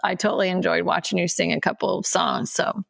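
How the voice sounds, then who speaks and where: A woman's voice: fairly low pitch, fairly even intonation, brisk, vocal fry, fairly bright tone. A woman co-hosting a casual podcast chat, candid and direct, speaking openly and earnestly. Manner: candid, teasing then earnest. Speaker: podcast co-host.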